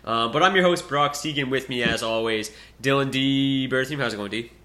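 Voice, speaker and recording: A man's voice: mid-range voice, a little fast, bright, forceful tone. A man hosting a casual hockey podcast, chatting loosely with laughs and fillers. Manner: laughs easily, many fillers. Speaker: podcast host.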